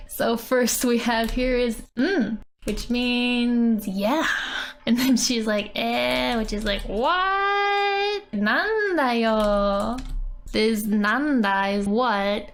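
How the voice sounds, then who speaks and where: Giggly woman teaching Japanese from a manga. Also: on the high side. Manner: giggly, chatty explainer who reads out character lines. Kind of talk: casual manga-based language lesson.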